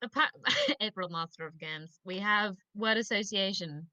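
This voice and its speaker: A woman's voice: mid-range voice, animated, measured pace, bright, forceful tone, no room sound, poor audio. A woman co-hosting a comedy podcast and running its games, giggly as she explains the rules. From England. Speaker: podcast co-host and game master. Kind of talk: casual podcast chat.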